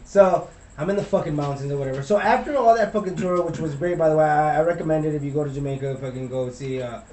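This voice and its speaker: A man's voice: on the high side, quick pace. A young man from Laredo, Texas, telling a long story in a rambling, profane way that trails off into mumbles. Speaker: podcast co-host telling a story. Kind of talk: casual storytelling. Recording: roomy room, mic at a distance, faint hiss.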